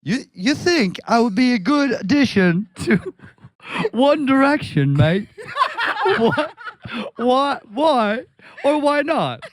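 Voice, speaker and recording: An American man doing a hammy British street accent, bouncing high and low. The voice is exaggerated, self-mocking and giggly. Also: big pitch swings, slow, dry recording, exaggerated voice. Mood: playful. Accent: put-on British.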